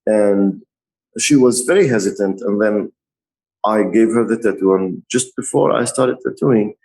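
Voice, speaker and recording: A middle-aged man with a fairly low voice tells stories as a guest tattoo artist. His delivery is animated and full of laughter. He speaks conversationally on a podcast. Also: unhurried, rough recording. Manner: laughs often, lively retelling. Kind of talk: animated storytelling.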